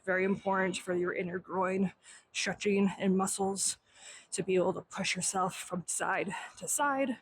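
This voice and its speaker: A woman's voice: medium pitch, steady tone, normal speed, low-quality recording. Young woman instructor demoing stretches, a bit winded, faint noise behind. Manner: encouraging, instructive, counts aloud in Japanese. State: slightly out of breath. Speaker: fitness instructor. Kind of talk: instructional demo while exercising.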